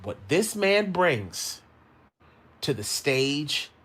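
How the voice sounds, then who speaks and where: A speaker in a played clip giving a heartfelt tribute, earnest and deliberate with a preacher-like emphasis. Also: medium pitch, very animated, a bit bright, husky.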